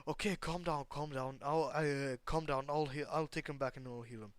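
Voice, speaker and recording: A man voicing an adult woman healer who soothes a frightened child in a hurried, reassuring way. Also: fairly high pitch, fairly even intonation, smooth, no echo, natural voice. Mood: soothing.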